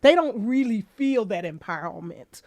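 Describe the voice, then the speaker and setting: A woman's voice: medium pitch, animated, normal speed, darkish tone, no echo. A woman comedian chatting as a guest, laughing often and acting out voices. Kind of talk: casual chat.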